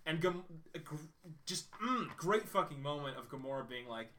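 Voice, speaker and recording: A man co-hosting a podcast, excitedly retelling movie scenes with lots of swearing and restarts. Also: on the high side, moderate pace. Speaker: podcast co-host. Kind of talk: casual movie reaction chat. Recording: voice a bit far from the mic.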